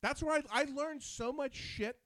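A man from New Jersey hosting a casual talk show, telling rambling stories with lots of energy. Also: very high voice. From New Jersey, USA. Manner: animated storyteller, quick and rambling. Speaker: host. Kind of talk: casual chat.

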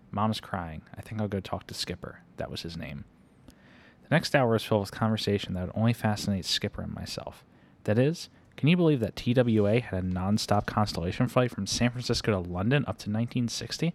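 A man with a fairly low voice reads a first-person story aloud. He keeps an unhurried, conversational pace, like someone telling a story from his own life. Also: darkish tone. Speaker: reader.

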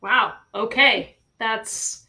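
A woman's voice: on the high side, fairly even intonation, extremely slow, sharp tone. A woman hosting a podcast, chatty and thinking aloud as she asks her guest questions. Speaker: podcast host. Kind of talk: casual interview.

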